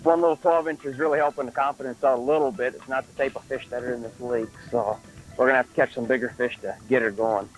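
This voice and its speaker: A man on a boat chatting about where to find bedding bass in the shallow water. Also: fairly even intonation, fast talker, faint music behind, low-quality recording. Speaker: tournament angler. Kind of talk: casual on-water fishing talk. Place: on a boat outdoors on a lake.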